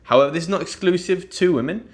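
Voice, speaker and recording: A young British man teaching English online in a scripted lesson, acting out example phrases in a higher voice. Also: fast. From United Kingdom.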